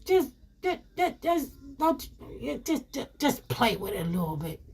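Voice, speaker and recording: Woman doing a chill young dude, shrugging it off, stumbling over his words, slow. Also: extremely high pitch, sing-song, gravelly, slight background noise, heavily acted. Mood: coaxing. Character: nonchalant young man coaxing his date.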